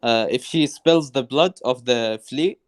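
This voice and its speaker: A male student answering his teacher's question hesitantly, with pauses and fillers. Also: mid-range voice, smooth, no echo.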